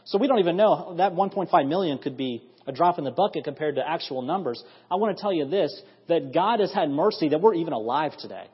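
Preacher guy in his 30s, highish husky voice, gets loud and emphatic on the praise bits, dull lo-fi sound with church-hall echo. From United States. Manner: earnest, building to emphatic bursts with repeated praise. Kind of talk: evening church sermon. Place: church sanctuary.

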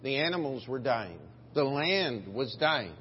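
Husky slow-talking preacher man in reverb. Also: mid-range voice. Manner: storytelling preacher acting out biblical voices, folksy and animated. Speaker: pastor. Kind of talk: sermon. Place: church sanctuary. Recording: dull lo-fi church recording with long reverb.

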